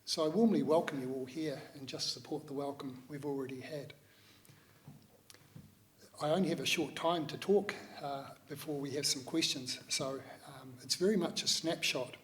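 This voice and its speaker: A man in his sixties with a New Zealand accent, giving a measured, reflective talk to an audience, pausing often. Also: a little high. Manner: measured, reflective, with many pauses and hesitations. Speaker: speaker at a public talk.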